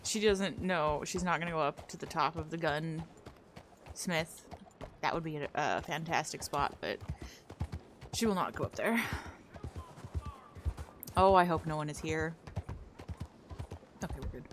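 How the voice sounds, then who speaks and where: A woman with a notably low voice talks to her stream in a relaxed, conversational way. She also reads a story aloud to her viewers. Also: a little slow, pauses often, a little hiss or hum. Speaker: roleplay streamer. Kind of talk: casual streaming chat and story reading.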